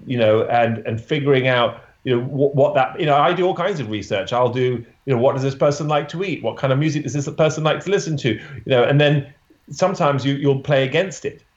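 In an echoey room with dull audio, a man who photographs portraits recounts a story for an interview. He speaks in a mid-range voice, stopping and restarting often and filling gaps with "you know."

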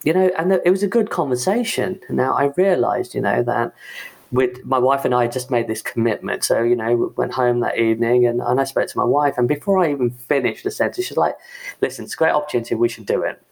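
A man, an IT manager, telling his own career story in a halting way, full of "you know" and "um". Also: mid-range voice, creaky. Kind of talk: personal story talk.

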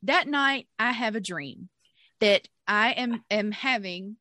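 A woman co-hosting a podcast tells a story in casual chat, an animated storyteller who laughs often and acts out what she and others said. Her mid-range voice is slow, with no echo.

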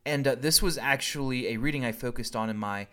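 A man's voice: mid-range voice, fairly quick, bright, forceful tone. Wry conversational male pastor. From Southern US. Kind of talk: recorded sermon.

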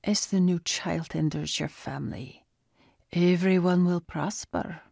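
A man's voice: sits high, steady tone, unhurried, creaky, darkish tone, dry recording, clean studio sound, heavily acted. A woman voicing the spirit of a man's dead father with a Russian accent, who speaks in clipped phrases that drop small words. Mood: persuasive. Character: father's spirit from paradise, earnest Russian man. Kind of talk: storybook narration.

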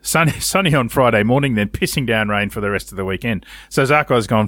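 A man co-hosting a casual motorsport chat, telling stories in a sweary, animated way. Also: mid-range voice, a little fast, few pauses, dry recording, clean studio sound. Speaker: podcast co-host.

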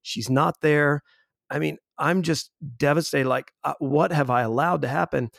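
A man in his forties, telling a personal story as an interview guest in an earnest, halting way with restarts. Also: fairly high pitch, gravelly, fairly bright tone, no echo, clean studio sound. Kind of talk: conversational storytelling.

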